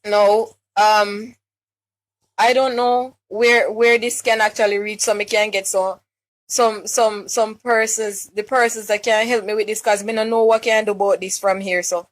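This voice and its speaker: A young Jamaican woman on a live stream, distraught and close to tears, pleading for help, questioning her listeners and often repeating and restarting her words. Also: on the high side. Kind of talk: emotional live-stream plea.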